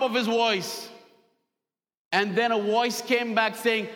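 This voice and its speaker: A man preaching a sermon in a raised, high voice. He repeats his points and acts out little stories with dramatic turns. The sound rings with a long reverb from the hall. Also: fairly even intonation, normal speed, a bit bright. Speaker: pastor.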